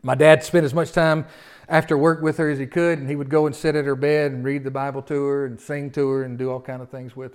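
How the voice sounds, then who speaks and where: A man preaching with a slightly high voice, talking to his listeners as if chatting with friends. He tells stories and asks rhetorical questions, and he often stumbles and restarts mid-phrase. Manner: conversational, animated preaching with rhetorical questions and storytelling; frequent restarts and repeated words. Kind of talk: sermon.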